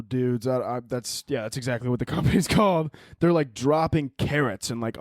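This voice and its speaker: A man's voice: medium pitch, a little mellow, no room sound. A man hosts a solo podcast, talking in a loose, rambling way with lots of swearing and jokes. His voice sits in a mid range for a man. The recording is dry and close, with no room sound. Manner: rambling, profane, jokey. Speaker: podcast host.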